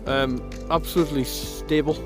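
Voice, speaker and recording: A man's voice: a little high, steady tone, normal speed, music in the background. A man bantering and boasting on a casual camping vlog outdoors. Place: outdoors at a windy campsite.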